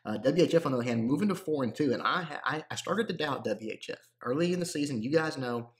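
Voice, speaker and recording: A man giving casual solo commentary on clan war results as a gaming YouTuber, relaxed and full of fillers and restarts. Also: mid-range voice, fast talker.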